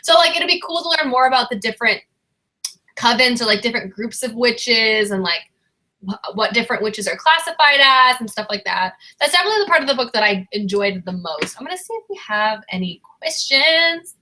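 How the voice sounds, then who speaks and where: A young woman with a bright, sharp voice, co-hosting a casual live book discussion. Her delivery is lively and chatty, pitched a little high, and she slips into acting out the characters' lines. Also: a little fast. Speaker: co-host.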